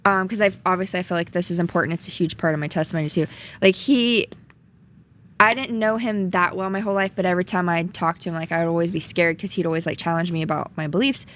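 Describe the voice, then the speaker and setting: A woman's voice: fairly low pitch, fairly even intonation, fast, fairly bright tone. Earnest young woman, slight Southern accent. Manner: earnest, chatty, with frequent ums and likes. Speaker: podcast guest. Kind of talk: casual storytelling chat.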